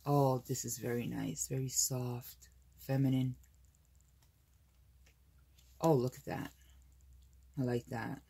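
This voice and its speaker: A woman's voice: very deep voice, steady tone, takes it slowly, creaky, pauses often, mellow, breathy edge. An older American woman hosting a casual crafting unboxing, gushing and gasping with delight over papers. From United States. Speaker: crafting channel host.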